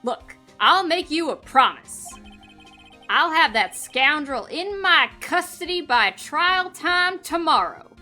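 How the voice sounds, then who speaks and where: A woman voicing a brash, friendly male police detective with a light put-on Texan drawl, loud and hearty. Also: sits high, expressive, slow, soft background music, voice pushed up, exaggerated voice.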